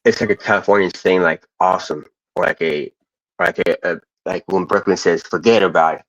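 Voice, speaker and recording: An American man chatting casually on a stream, talking haltingly and keeps losing his train of thought. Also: low voice, steady tone, fairly bright tone. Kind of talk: casual chat. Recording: dull, dry lo-fi mic.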